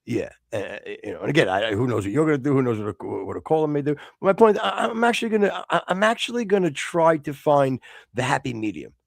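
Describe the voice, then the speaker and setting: A man's voice: mid-range voice, very animated, quick pace, vocal fry, dry recording, clean studio sound. A middle-aged American man hosting a casual live-stream talk show, rambling with stammered restarts and bursts of mock exasperation. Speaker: podcast host.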